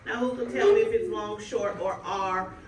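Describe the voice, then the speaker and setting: A woman student teacher running a phonics drill with a class, calling out words slowly and clearly. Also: mid-range voice, slight background noise. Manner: stretches out target words clearly. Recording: echoey room, mic far off.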